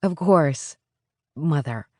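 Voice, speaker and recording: A woman's voice: low-pitched, lively intonation, slow, dark tone, dry recording, heavily acted. A woman voicing a polite, restrained young bride-to-be in an audiobook, in a dry recording.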